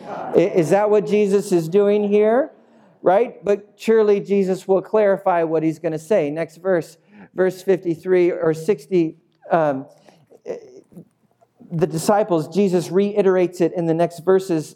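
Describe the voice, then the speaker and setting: A man preaching a sermon as pastor, animated and playful, acting out little scenes as he goes. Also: high voice, measured pace.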